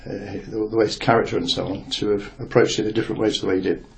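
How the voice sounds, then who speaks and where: Speaking quickly in a lowish, fairly level voice with vocal fry, a retired newspaper reporter tells a story from his working days. It's reflective oral-history storytelling, meandering and halting, full of fillers and false starts.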